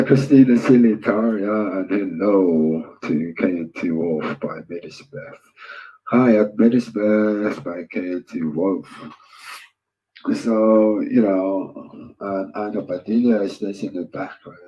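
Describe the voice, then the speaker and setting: A man with a very low, dark, mellow voice chats casually on a livestream, hesitant and rambling with plenty of filler words. His greetings to viewers come out in louder, upbeat bursts. The home audio sounds slightly muffled. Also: slow.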